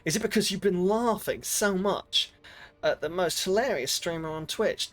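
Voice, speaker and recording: This streamer has a high, slightly bright voice and talks at a moderate pace. He rambles casually over a video game, cursing a lot and poking fun at himself, while the game's music comes through clearly.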